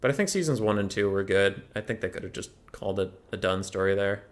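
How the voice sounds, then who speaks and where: A man's voice: on the low side, lively intonation, fast talker. A young man casting a strategy game tournament, chatty and joking as he thinks aloud about the matchups. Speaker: tournament caster. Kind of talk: casual game commentary.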